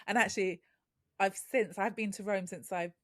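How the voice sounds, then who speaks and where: A woman's voice: mid-range voice, fairly even intonation, brisk, no room sound. Middle-aged female podcast host, eager and giggly, dry recording. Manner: enthusiastic, giggly. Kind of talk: casual interview chat.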